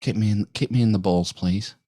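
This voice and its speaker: A man's voice: fairly low pitch, a little fast, dark tone, dry recording, clean studio sound, natural voice. A British man playing a brash, scornful woman dominatrix who barks orders with contempt, in a casual podcast retelling. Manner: bossy, contemptuous barking of orders.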